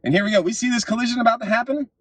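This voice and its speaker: A man hosting his own vlog, delivering an impassioned political monologue and telling stories, his voice swinging up to shouts at the climaxes. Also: extremely high pitch, rapid-fire, breathy edge, no echo. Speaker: vlog host.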